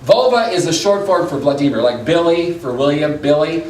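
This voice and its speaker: A middle-aged man giving a hurried, animated political science lecture at a breakfast meeting, with many restarts. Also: on the high side, slight background noise. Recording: echoey room, mic far off.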